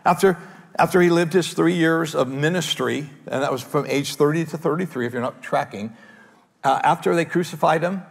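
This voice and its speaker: Gravelly male pastor preaching. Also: on the high side, normal speed, in a large hall. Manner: animated, conversational preaching with repeated starts. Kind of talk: sermon. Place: large church hall.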